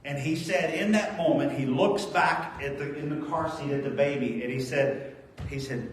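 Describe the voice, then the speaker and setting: A male pastor preaching a sermon, earnest and storytelling, moving between raised emphasis and quiet reflection. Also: a little high, normal speed, slight background noise. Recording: very echoey church hall, voice from far off.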